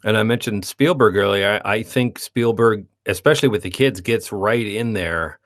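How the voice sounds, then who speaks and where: Low-voiced man chatting about movies. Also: normal speed. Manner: animated, acts out quoted dialogue in playful voices. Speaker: podcast co-host. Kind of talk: casual film review chat.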